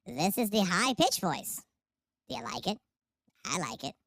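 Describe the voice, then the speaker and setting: A man using a voice changer to sound like a bubbly, high-pitched cartoon character. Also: big pitch swings, measured pace, creaky, fairly bright tone, no room sound, clean studio sound, exaggerated voice. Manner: bubbly, cheering.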